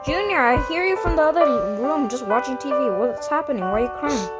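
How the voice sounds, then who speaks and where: Woman doing a fussy lady chef, high bouncy voice, hedging, guitar blasting behind. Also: animated, a little fast. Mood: scolding. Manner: hesitant, backpedals mid-sentence. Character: fussy female chef scolding a boy. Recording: loud guitar music, distant mic. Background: guitar music.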